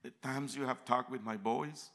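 A man speaking earnestly and affectionately in a church tribute, at times dropping to a soft voice. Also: medium pitch, moderate pace. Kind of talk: heartfelt church tribute speech.

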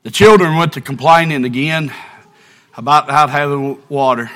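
A man's voice: on the high side, moderate pace, a bit bright. A man preaching an impassioned sermon and reading scripture aloud.

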